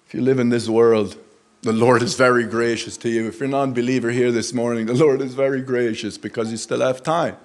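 A man's voice: mid-range voice, fairly even intonation, darkish tone. Earnest plain-spoken man preaching. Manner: earnest, halting, plain-spoken, with restarts and rising emphasis on quoted Scripture. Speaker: lay preacher. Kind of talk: sermon. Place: church service.

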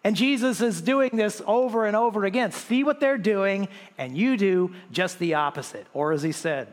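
Pastor guy preaching, kinda high voice, lots of stumbles and questions, echoey church hall. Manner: animated preaching with frequent restarts and rhetorical questions. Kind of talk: sermon.

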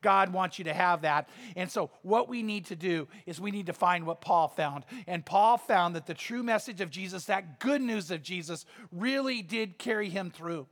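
A man's voice: sits high, moderate pace, hardly any pauses, fairly bright tone. A male pastor preaching a sermon in an earnest, conversational manner with emphatic repetition.

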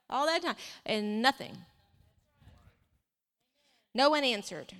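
A woman preaching a sermon, reading scripture aloud with lively asides. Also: sits high, unhurried, long pauses. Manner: animated, reads scripture aloud with asides and laughs. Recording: long reverb of a hall.

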